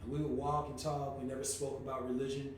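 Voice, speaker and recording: A man telling a personal story on a podcast in a casual, animated way, swearing freely and sometimes rising to a shout. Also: medium pitch, fast. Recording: echoey room, distant from mic, faint noise.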